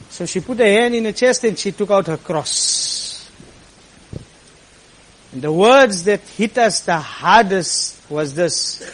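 High-voiced man telling a story. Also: a little slow, poor audio. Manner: animated, quotes people in lively voices. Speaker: speaker telling a personal story. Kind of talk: storytelling talk to an audience.

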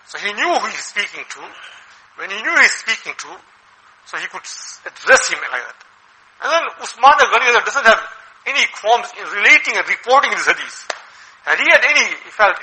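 A male preacher with a high voice and a very sharp, forceful tone. He delivers his sermon in an animated way, firing off rhetorical questions at the congregation. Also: brisk, long pauses, low-quality recording. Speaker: Islamic preacher.

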